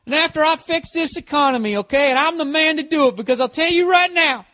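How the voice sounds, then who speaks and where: A man voicing a blustering macho male presidential candidate in a loud, bragging stump-speech delivery. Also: very high voice, quick pace, pitched above the performer's own voice. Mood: boastful.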